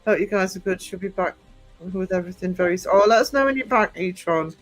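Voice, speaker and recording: A man with a fairly high voice hosts a casual live podcast stream, reading the chat and greeting people. He laughs easily and teases his guests, and faint music runs underneath. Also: fast, poor audio. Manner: laughing, teasing, greets chatters as darling.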